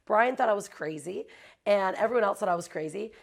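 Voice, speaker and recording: A woman in her forties, an interview guest, telling her story in a lively conversational way and acting out the people she quotes. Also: medium pitch, a little fast, vocal fry, roomy sound, rough recording. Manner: animated storyteller who acts out quoted people. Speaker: interview guest, branding agency founder.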